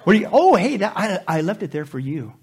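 A middle-aged male pastor preaching a sermon, animated, with laughing asides and mocking voices. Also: sits high, fairly quick.

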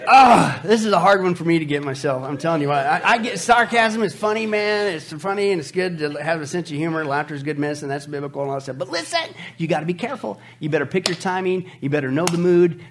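High-voiced joking male pastor. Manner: lively, joking, repeats phrases for emphasis. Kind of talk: sermon.

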